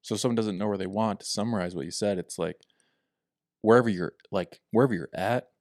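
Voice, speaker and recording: A man's voice: on the low side, brisk, no echo, clean studio sound. A young man co-hosting a podcast, chatting casually with a rambling, filler-heavy manner. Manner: relaxed, rambling with many fillers. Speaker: podcast co-host. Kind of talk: casual chat.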